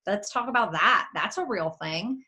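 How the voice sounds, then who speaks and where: An animated woman giving a motivational talk on a video call, emphatic, acting out little quotes and laughing as she goes. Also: mid-range voice, normal speed. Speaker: network marketing leader speaking as a guest.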